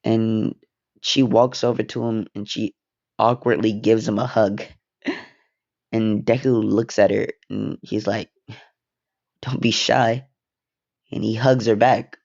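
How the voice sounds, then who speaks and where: A young man narrates a fan story in a casual, offhand way, wandering into rambling asides and swearing. He talks slowly, in a low, gravelly voice. The recording sounds dull and lo-fi. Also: fairly even intonation, darkish tone.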